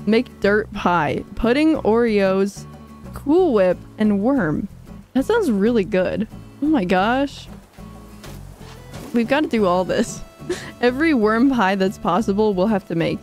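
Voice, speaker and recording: A woman's voice: medium pitch, animated, slow pace, a little mellow, faint music behind. A woman livestreaming as she plays a game, chatting casually and bubbly, rambling and reading out viewer comments. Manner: bubbly, rambling, reads chat aloud. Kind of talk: casual livestream chat while playing.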